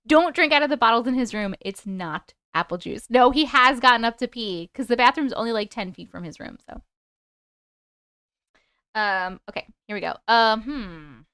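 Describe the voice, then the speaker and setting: A woman in her thirties with a Long Island accent, hosting a casual live stream; she talks loudly and excitedly and laughs often. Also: a little high, moderate pace, clean tone, dry recording, studio quality. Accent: Long Island New York. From Long Island, New York. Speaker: YouTube live host. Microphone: close microphone.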